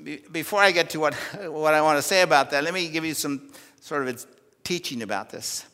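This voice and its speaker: A man delivers a sermon from the pulpit, his voice bright and a little higher than most. He swells loud to drive a point home and then falls quiet. The long reverb of the church sanctuary trails each phrase. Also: a little fast. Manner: earnest preaching, swells loud for emphasis then drops soft. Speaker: pastor.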